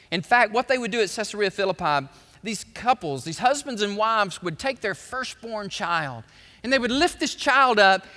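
A male pastor preaching a sermon in a church, animated and conversational, with frequent asides to the congregation. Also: sits high. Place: church sanctuary. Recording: church hall reverb.

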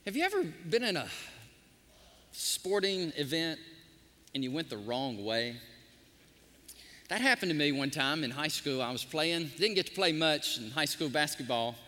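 Give me a man preaching an emotional, animated sermon in a church with long reverb. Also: on the high side, moderate pace, pauses often. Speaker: pastor. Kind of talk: sermon with storytelling. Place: church sanctuary.

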